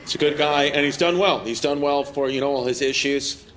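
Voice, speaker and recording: A man's voice: mid-range voice, brisk. A man doing stand-up, teasing audience members with profane, brash crowd work at a live show. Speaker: stand-up comedian. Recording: live room mic with loud crowd. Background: audience laughter and crowd noise.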